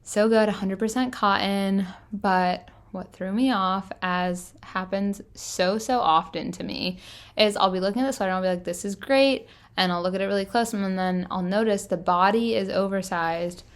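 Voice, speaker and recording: A woman's voice: mid-range voice, steady tone, moderate pace. Chatty young woman narrating a thrift haul. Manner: chatty, enthusiastic, lots of "like" fillers. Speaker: fashion vlogger. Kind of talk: casual thrift-haul voice-over.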